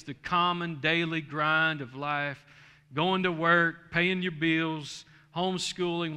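A middle-aged pastor with a slightly high, pushed, bright, and smooth voice tells a story during a sermon in a church sanctuary, building to a fervent preaching cadence.

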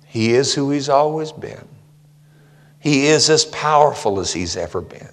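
Older preacher, slow and folksy, in a hall. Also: male voice, mid-range voice, lively intonation. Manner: folksy, humorous, dramatic swings between whisper and shout. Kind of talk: sermon with closing prayer. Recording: long reverb in a hall.

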